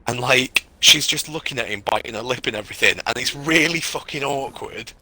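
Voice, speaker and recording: A man with a British accent chatting casually while gaming, telling stories in an animated, profane way. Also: mid-range voice, brisk, noisy background. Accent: British English. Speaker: streamer.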